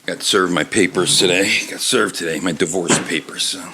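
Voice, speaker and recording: With a deep voice and a slightly quick delivery, this older podcast host talks books from a noisy bar, wandering off on tangents and cursing with dry humor. He's picked up by a tabletop microphone angled away from him.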